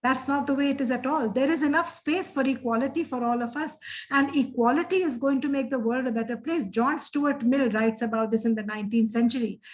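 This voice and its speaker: A woman's voice: high voice, a little fast, poor audio. Earnest woman speaker on a video call. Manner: earnest, reflective, frequent fillers. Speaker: guest speaker. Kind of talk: interactive session talk.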